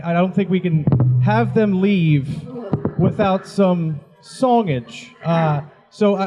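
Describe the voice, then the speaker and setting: A man's voice: sits high, mellow. A man moderating a convention panel, upbeat and casual.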